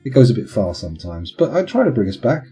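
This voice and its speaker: Guy going off on tangents and puns while streaming, lively pitch, mellow tone, faint guitar music behind. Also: fast. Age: adult with children. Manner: rambling, punning, prone to tangents. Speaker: game streamer. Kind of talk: casual live-stream commentary.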